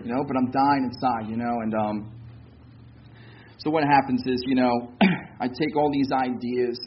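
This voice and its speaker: A man's voice: medium pitch, fairly even intonation, measured pace, muffled recording, a little hiss or hum. A man giving a personal recovery testimony, candid and self-mocking, acting out what others said to him. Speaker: speaker sharing his recovery story.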